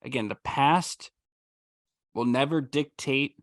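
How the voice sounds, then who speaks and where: Guy doing a hyped sales pitch on a video call, dry close sound. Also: takes it slowly, dry recording. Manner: energetic, emphatic salesman tone. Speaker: host presenting a trading course.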